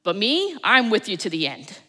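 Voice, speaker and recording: A woman preacher voicing an impulsive male disciple loudly swearing loyalty, with emphatic, protesting delivery. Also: medium pitch, huge pitch swings, moderate pace, big-room sound, heavily acted. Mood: emphatic boasting.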